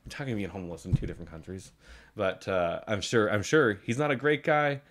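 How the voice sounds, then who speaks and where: A man's voice: lowish voice, a little fast, a bit bright. A man co-hosting a podcast, talking in a rambling, emotional way and laughing easily. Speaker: podcast co-host. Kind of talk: casual chat.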